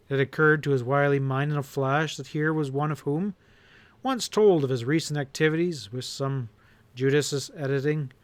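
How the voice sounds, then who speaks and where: A man narrating a western novel audiobook in a steady storytelling delivery. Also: medium pitch, dry recording. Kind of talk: reading a western novel aloud.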